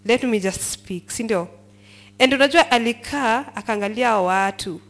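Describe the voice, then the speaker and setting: A woman's voice: on the high side, normal speed. A woman leading a Bible study, reading verses aloud and quizzing the group as she explains them. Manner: mixes English and Swahili, asks the group questions and prompts them to finish lines.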